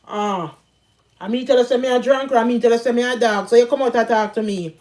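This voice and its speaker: A woman's voice: fairly high pitch, brisk, slight background noise. A middle-aged Jamaican woman ranting and scolding in heavy patois, talking casually to her viewers.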